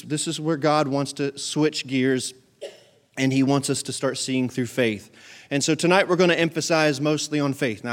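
A male pastor, preaching a sermon in a church service with call and response and fervent emphasis. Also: medium pitch.

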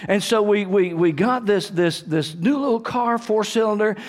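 Older male pastor, high voice, sermon storytelling with frequent restarts and amens. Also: normal speed. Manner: repetitive restarts, call-and-response amens.

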